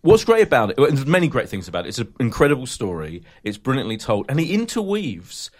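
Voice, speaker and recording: Animated man gushing about films. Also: mid-range voice, fast talker. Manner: enthusiastic, gushing, repeats himself. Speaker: podcast co-host. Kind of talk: casual chat, enthusiastic recommendations.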